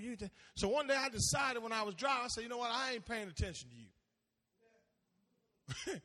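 A man preaching a sermon as pastor, animated, laughing and calling out to the congregation. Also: sits high, fairly quick, pauses often, in a large hall.

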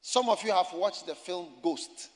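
High-voiced preacher in a hall. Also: male voice, unhurried. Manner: emphatic, repetitive, storytelling. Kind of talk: sermon. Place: campus gathering. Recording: echoey hall reverb.

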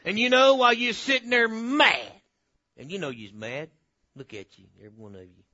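Folksy preacher with a bright high voice. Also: male voice, a little fast, dull audio. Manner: folksy, animated, swings between loud and hushed. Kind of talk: sermon.

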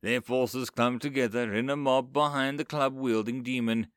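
A man's voice: normal speed, dry recording, studio quality. A man narrating a comic first-person fantasy story, voicing its characters as he goes. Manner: lively storyteller, raising pitch for quoted characters.

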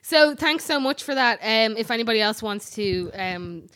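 A woman's voice: on the high side, animated, moderate pace, fairly bright tone. Irish woman co-host, young, casual chatty, swears a lot. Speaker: podcast co-host. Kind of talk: casual chat.

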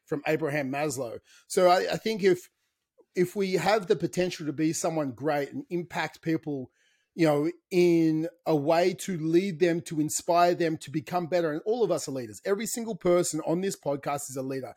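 A husky-voiced man co-hosting a podcast, his voice set somewhat high for a man. He talks motivation in an emphatic, preachy way, hammering home repeated phrases. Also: moderate pace, a little mellow. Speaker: podcast co-host.

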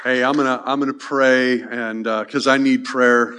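A man's voice: medium pitch, steady tone, crowd noise, noisy background. Man pastor talking casually from the pulpit. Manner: casual, halting, many fillers. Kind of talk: sermon and prayer.

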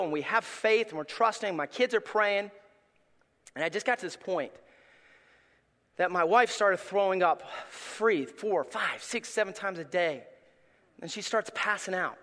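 A male pastor with a high, bright, forceful voice delivers a sermon that swings from quiet confession to impassioned, almost shouted pleas. His words ring out through a large hall with a long reverb tail. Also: expressive, moderate pace. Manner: impassioned, rising to shouts when retelling his prayers. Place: church hall.

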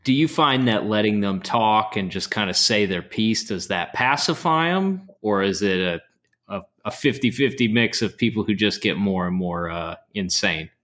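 A man's voice: on the low side, expressive, normal speed, a bit bright. A man interviewing a guest with short, curious questions.

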